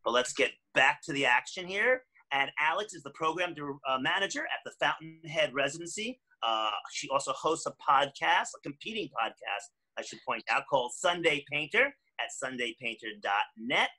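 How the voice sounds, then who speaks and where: A man's voice: fairly high pitch, animated, normal speed, few pauses, bright, forceful tone. A man co-hosting a podcast, chatting and joking casually before introducing the guest. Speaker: podcast co-host.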